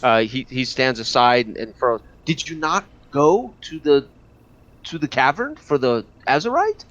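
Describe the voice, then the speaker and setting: A man narrating a tabletop game as game master, halting with fillers and restarts. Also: mid-range voice, big pitch swings, a bit bright. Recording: dull lo-fi audio.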